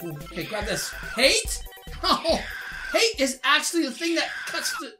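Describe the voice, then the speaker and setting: A woman doing excitable, shrieky let's play commentary as a gaming YouTuber. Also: high-pitched, measured pace, low-quality recording. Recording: voice over loud game music.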